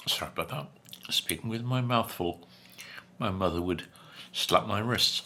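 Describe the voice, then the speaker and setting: A man's voice: lowish voice, bright, forceful tone, a little hiss or hum. A man reviewing takeout food in a casual chat while he eats, with dry humor, chewing and humming between remarks. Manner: unhurried, chatty, dry humor, chews and hums between remarks. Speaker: food vlogger.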